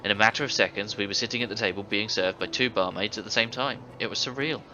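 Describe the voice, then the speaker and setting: A fairly low male voice, fast and pushed with a bright quality, brings to life a middle-aged ex-thief from a video game. The character is a boisterous tavern storyteller who tells his tales with boastful relish. The game audio is dull and faintly hissy.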